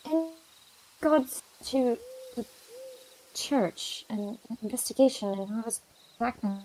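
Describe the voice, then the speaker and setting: A woman's voice: fairly high pitch, lively intonation, takes it slowly, warm tone, low-quality recording. A woman playing a tabletop game, hesitantly describing what her character does. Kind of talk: casual game chat.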